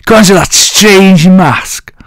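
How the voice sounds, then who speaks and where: A man's voice: high-pitched, takes it slowly, gravelly, no echo, clean studio sound. An English man hosting a wrestling show, recapping in a cheeky, rambling way and often losing his place as he thinks aloud. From England.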